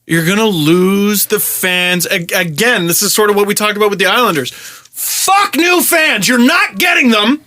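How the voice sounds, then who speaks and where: A young man hosting a podcast, ranting in frustration with lots of swearing and occasional shouting. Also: high voice, lively intonation, normal speed. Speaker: podcast host. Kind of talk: casual podcast chat.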